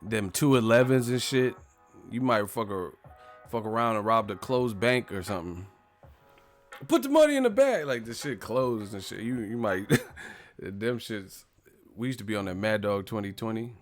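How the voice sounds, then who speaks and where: Brief: man in his thirties, live-stream host, low voice, rambling profane banter, light music underneath. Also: fairly even intonation, normal speed. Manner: profane, rambling, laughs often. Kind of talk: casual live-stream chat reading comments.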